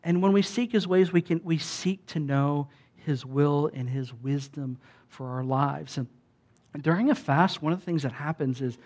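A man preaching in an easygoing, conversational way, like he's talking to friends. His voice sits a bit high for a man, and he breaks into exaggerated voices when quoting others. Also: moderate pace, darkish tone. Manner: conversational, acts out quoted voices with big pitch jumps. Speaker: pastor. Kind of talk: sermon.

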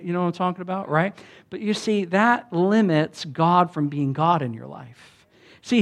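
Man, pastor, sermon, folksy, talks with his crowd, high voice. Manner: conversational, folksy, asks the crowd rhetorical questions.

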